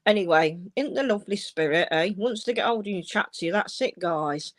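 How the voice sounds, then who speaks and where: Brisk and expressive, a woman with a medium-pitched voice runs a live-streamed reading session as a medium. She offers callers warm reassurance and calls them "darling" and "my love."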